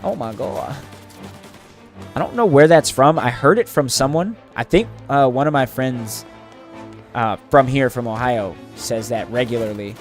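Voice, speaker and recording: A man hosting a gaming channel, giving casual gameplay commentary that turns animated and boastful. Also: medium pitch, moderate pace, faint music behind. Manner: animated, trash-talking, boastful in bursts.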